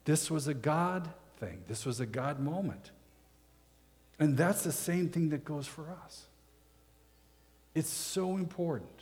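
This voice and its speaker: A man's voice: medium pitch, a little mellow. A man preaching a sermon as pastor, in a conversational style that leans on rhetorical questions. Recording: long hall reverb.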